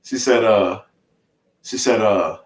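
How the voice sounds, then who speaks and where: A middle-aged man, telling a rambling, animated story on a live stream, full of restarts and laughs. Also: on the low side, slow. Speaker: live-stream sports chat host. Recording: roomy echo.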